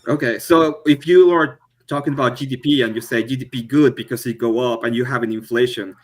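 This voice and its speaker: A man questioning an opponent in an online debate, pointed and a bit halting. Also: mid-range voice, fairly even intonation. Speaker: debate participant.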